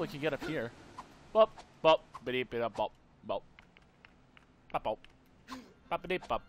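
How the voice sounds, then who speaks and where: This young gameplay streamer has a fairly high, fairly bright voice. He talks casually as he plays, drifting into wistful rambling punctuated by abrupt, playful bursts.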